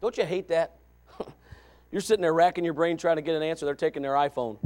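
A man's voice: fairly high pitch, a little fast, darkish tone. A middle-aged man preaching a sermon, emphatic and impassioned, with joking asides.

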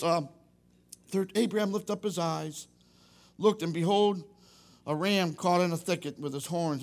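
A man preaching a sermon, rambling with many restarts and calls for amen. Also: on the high side.

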